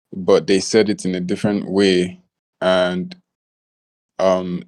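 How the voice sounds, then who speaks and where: Slow, low-voiced man musing hesitantly. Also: darkish tone, no echo. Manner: hesitant, searching for words. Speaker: book club participant. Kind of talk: reflective discussion.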